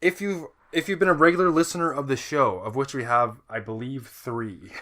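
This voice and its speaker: Bright-voiced young man bantering deadpan. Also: medium pitch, normal speed. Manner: dry, rambling, deadpan jokes with many fillers. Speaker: podcast co-host. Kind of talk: joking casual podcast chat.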